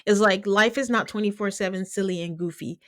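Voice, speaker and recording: A woman's voice: mid-range voice, a little fast, no room sound. A woman hosting a casual podcast chat, talking with animation and acting out quotes. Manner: animated, acts out quotes from the show. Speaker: podcast host.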